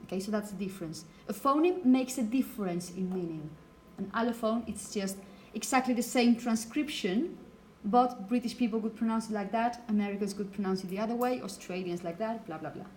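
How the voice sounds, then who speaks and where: A woman's voice: mid-range voice, a little fast, darkish tone. Woman, Spanish accent, native Spanish speaker, teacher, explanatory lecture, keeps asking "okay?", faint hiss. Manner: explanatory, frequent checking "okay?". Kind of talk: phonetics lecture.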